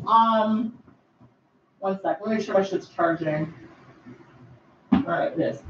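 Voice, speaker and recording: A woman's voice: on the low side, moderate pace, long pauses, a little hiss or hum. A woman vents bluntly to her camera in a casual vlog and swears freely. She talks while she puts on her eyeliner. The audio is dull and lo-fi, like a home video. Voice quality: heavy swearing, exasperated and blunt. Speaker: vlogger.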